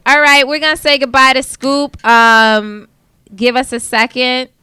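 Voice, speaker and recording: A woman hosting a sports talk podcast, upbeat and quick to react. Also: high voice, level tone, sharp tone, smooth, no room sound. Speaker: podcast host. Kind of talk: casual chat.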